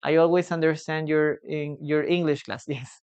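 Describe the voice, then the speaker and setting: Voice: mid-range voice, fairly even intonation, normal speed, a little mellow, clear, resonant tone, muffled recording. An English teacher giving a live online lesson, reading out student sentences and patiently correcting them, often ending with a questioning "no?". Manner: ends points with a questioning "no?".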